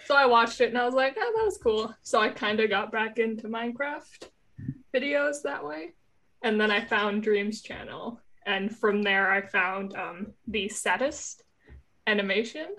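A young woman chatting casually as a fan, hesitant and quick to laugh. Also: medium pitch, sharp tone. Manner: laughing, hesitant, lots of fillers. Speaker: fan interviewee. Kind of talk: casual chat.

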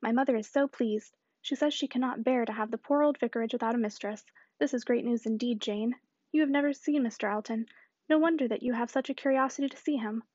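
A woman's voice: fairly high pitch, fast, darkish tone, no room sound, lo-fi sound, natural voice. A woman reading the part of a talkative spinster, effusive and rambling on in run-on chatter. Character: talkative middle-aged spinster, breathless and effusive.

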